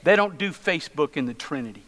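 A middle-aged man delivers a sermon as a pastor, weaving humorous stories into his preaching. His voice sits a little high and rings bright and forceful. The sound carries the long reverb of a church sanctuary. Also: expressive, quick pace. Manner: storytelling with humorous asides.

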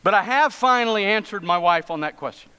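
A middle-aged man delivers a sermon as a pastor, weaving humorous stories into his preaching. His voice sits a little high and rings bright and forceful. The sound carries the long reverb of a church sanctuary. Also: expressive, a little fast, clear, resonant tone. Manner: storytelling with humorous asides.

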